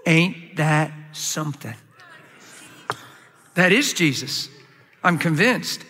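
A man preaching a sermon as a pastor, emphatic and given to sudden high, excited bursts. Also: slow pace, husky, big-room sound.

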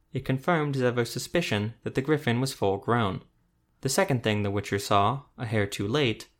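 A male narrator reading a fantasy tale in a mid-range voice. His delivery is steady and even, paced for listening. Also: mid-range voice. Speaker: audiobook narrator. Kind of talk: scripted narration.

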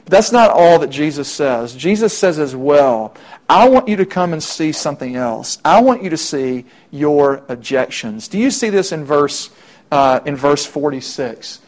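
A man's voice: on the high side, animated, measured pace, darkish tone. A young man from Middle Tennessee, preaching a conversational sermon full of rhetorical questions to students. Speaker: campus minister.

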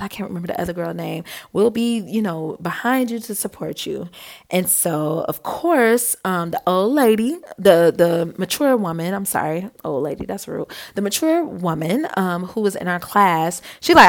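A woman's voice: mid-range voice, normal speed. A woman hosting a podcast, telling a personal story in a casual, chatty way and acting out what others said. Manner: chatty, animated, acts out quotes. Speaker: podcast host.

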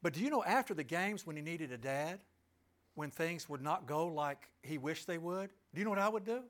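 Pitched high and sing-song at a moderate pace, a middle-aged man addresses an audience with a story from his own life. He presses his points hard and keeps asking the crowd rhetorical questions.

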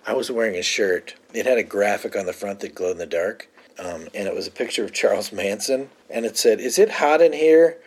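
A man's voice: lowish voice, fairly quick, slightly rough. A man co-hosting a podcast, casually recapping a TV episode and laughing as he retells scenes. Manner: laughs often, retells scenes with quoted lines. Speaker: podcast co-host.

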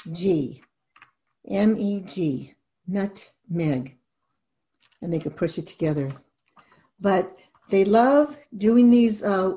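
A woman's voice: medium pitch, darkish tone. A woman teaching reading, walking through spelling step by step and sounding out letters patiently. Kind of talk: instructional video lesson.

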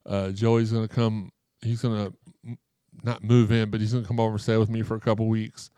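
A man's voice: lowish voice, little pitch movement, fairly quick, warm tone, clear, resonant tone, no echo. A man hosting a live podcast, joking and rambling as he reads chat comments aloud, his throat sore after surgery. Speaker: podcast host.

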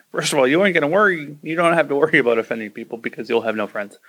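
A man's voice: fairly high pitch, rapid-fire, hardly any pauses, pushed and bright. A man hosting a podcast, ranting casually and acting out quoted voices as he gives advice. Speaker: podcast host.

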